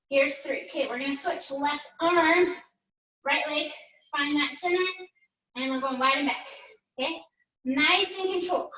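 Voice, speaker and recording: Woman pilates instructor, high voice, chatty rep-counting, roomy distant sound. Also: fairly bright tone. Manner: encouraging, chatty, counts down reps. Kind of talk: workout class instruction. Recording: echoey room, mic at a distance.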